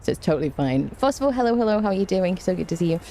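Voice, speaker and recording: A woman's voice: mid-range voice, big pitch swings, racing, mellow, a little hiss or hum. A woman chatting casually on a gaming live stream, greeting viewers by name and making dry, self-mocking jokes. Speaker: game streamer.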